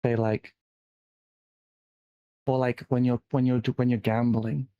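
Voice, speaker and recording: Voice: mid-range voice, flat delivery, unhurried, clean tone, no room sound, narrow, tinny audio. A guest on a stream chatting casually and easygoing with the host. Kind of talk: casual chat.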